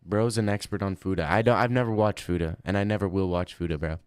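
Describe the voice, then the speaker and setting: A man's voice: low-pitched, quick pace, clean tone, dry recording, clean studio sound. A man in his thirties streaming, chatting casually and answering chat with crude slangy banter. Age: 30s. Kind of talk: casual livestream chat reading.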